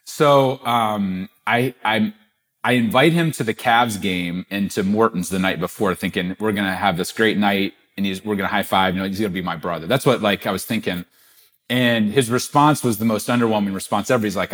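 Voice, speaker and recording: A middle-aged man, a podcast guest, telling a business story with animated quoted dialogue. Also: fairly low pitch, fairly quick. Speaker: guest, gift-giving business founder.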